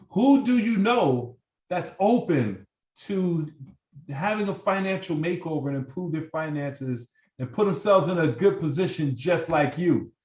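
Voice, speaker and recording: A man's voice: fairly high pitch, reverberant, far from the mic, low-quality recording. A man leading a sales team training, coaching with energy and acting out sample phone calls. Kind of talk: motivational training talk.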